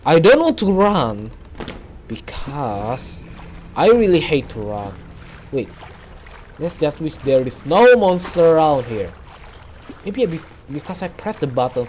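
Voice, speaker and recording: A man narrating his own horror gameplay in broken English, dropping to hushed muttering and then breaking into panicked shrieks. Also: mid-range voice, a little hiss or hum. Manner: non-native English with broken grammar. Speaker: gameplay streamer. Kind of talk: horror game commentary.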